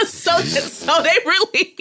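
A woman's voice: extremely high pitch, bright, forceful tone. A woman hosting a comedy podcast, telling a story in a brash, profane, laughing way. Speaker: podcast host. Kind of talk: comedic casual chat, storytelling.

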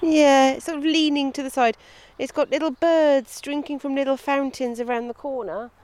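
Out on a woodland path, a podcast host with a high, darkish voice talks at normal speed with fairly even intonation. She reads aloud in a casual way, giggling and veering off into asides.

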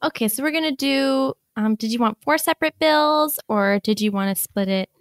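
A woman performing in an improv comedy scene in a lively, playful way. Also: sits high, moderate pace, no echo, studio quality.

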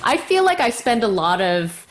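A woman's voice: a little high, big pitch swings, moderate pace. A woman hosting a podcast as a film and TV journalist, chatty and curious in casual interview talk.

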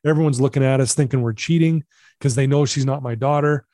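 A middle-aged man recounting a personal story as an interview guest, earnest and animated, acting out the dialogue. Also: mid-range voice, fast talker, no echo, clean studio sound.

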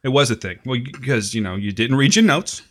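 Give me a joking man with a slightly sore throat, lively pitch, bright tone. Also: a little fast. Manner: jokey, laughs often. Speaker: podcast co-host. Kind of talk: casual banter.

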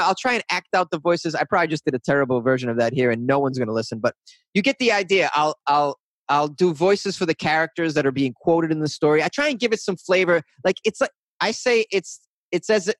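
A man chats as a guest on a podcast with a voice a little above average pitch. He rambles with animation and restarts his sentences often. The recording is dry, with no room sound. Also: animated, quick pace, a bit bright, no echo. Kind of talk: casual interview talk.

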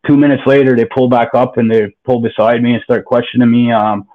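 Man, podcast guest, blunt profane storytelling, mid pitch, tinny phone-like sound. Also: flat delivery, fairly quick. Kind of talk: candid personal storytelling. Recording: phone-like narrow line.

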